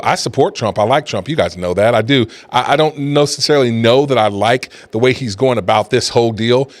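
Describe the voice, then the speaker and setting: Middle-aged male host, casual opinion commentary, conversational, mid pitch. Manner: conversational, animated when riled up. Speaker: talk show host.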